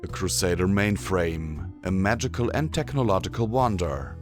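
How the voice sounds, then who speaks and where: A man narrates a first-person audiobook in a low, expressive voice that rises and falls widely. The recording is dry and close, with faint music underneath. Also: normal speed. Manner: expressive storytelling reading.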